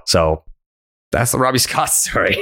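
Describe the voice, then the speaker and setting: A man's voice: fairly low pitch, animated, a little slow, bright, forceful tone. A man telling a long story on a podcast, rambling and profane, filling it with "like" and quoting himself and others. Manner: rambling, profane, many "like" fillers, quotes himself. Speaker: podcast host.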